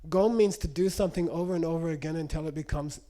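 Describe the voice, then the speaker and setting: A man teaching meditation to an audience, telling stories in an animated way and checking in with frequent questions. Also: a little high, fast. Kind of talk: spoken teaching with anecdotes.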